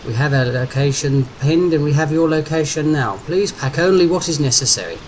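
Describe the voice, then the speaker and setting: A man voicing a brisk male army major who gives clipped, authoritative orders in a spoken story. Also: fairly high pitch, pitched above the performer's own voice, natural voice. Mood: commanding. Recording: noisy background hiss.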